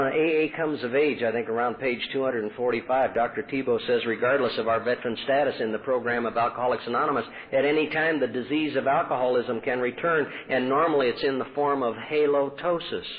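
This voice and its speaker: A man speaking at a recovery convention, telling his story and acting out the voices of the people in it. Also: mid-range voice. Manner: storytelling, acts out quoted voices. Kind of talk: recovery talk to a meeting. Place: convention hall. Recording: tinny lo-fi 1980s tape with hiss.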